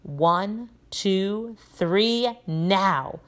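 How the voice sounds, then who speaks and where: A woman voicing a calm, kindly male magic professor who gives brisk, encouraging instructions to his class. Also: mid-range voice.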